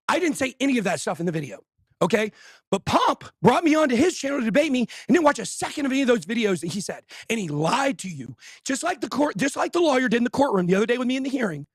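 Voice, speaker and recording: A man hosting a show, shouting angry, fired-up insults in a breathless rant. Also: very high-pitched, big pitch swings, fast talker, husky, no echo, clean studio sound. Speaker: host. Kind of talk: ranting livestream talk.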